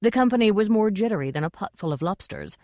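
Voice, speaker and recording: A woman narrating an audiobook in a measured, expressive way. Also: medium pitch, no echo, clean studio sound. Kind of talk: scripted narration.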